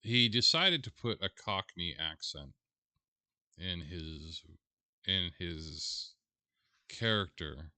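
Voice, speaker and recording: A man with a low voice and a sharp, very bright, smooth tone. He talks slowly in a casual, halting way, stopping to search for words, and the sound is dry and close. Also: lively intonation, no room sound. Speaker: video reviewer. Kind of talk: casual commentary.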